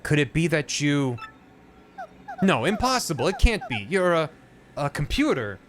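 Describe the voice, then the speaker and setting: A man voicing a feisty young princess in a raised falsetto. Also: very animated, measured pace. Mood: earnest.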